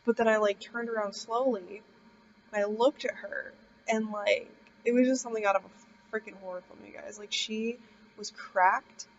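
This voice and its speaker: A woman's voice: medium pitch, steady tone, normal speed. A young woman vlogger telling a scary story in casual, rambling speech full of "like". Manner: rambling, heavy use of "like". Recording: dull distant recording with faint hiss.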